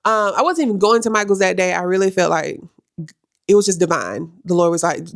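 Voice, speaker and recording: A woman's voice: lowish voice, expressive, brisk, gravelly, no echo, studio quality. A young adult woman vlogging at home, talking to the camera in a casual, emphatic way and repeating phrases for effect. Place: at home in her room.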